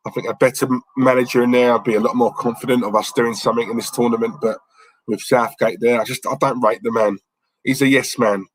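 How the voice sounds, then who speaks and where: A man's voice: medium pitch, fairly even intonation, quick pace, breathy edge, dry recording, poor audio. A man hosting a live stream, chatting in a blunt, rambling way and reading out viewer messages. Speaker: livestream host. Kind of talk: casual live-stream chat.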